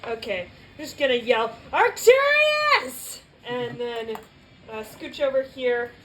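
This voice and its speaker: A woman playing in a tabletop game, relaxed and joking as she narrates her character's actions. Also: a little high, a little slow, heavy background noise. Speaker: player. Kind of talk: casual tabletop play.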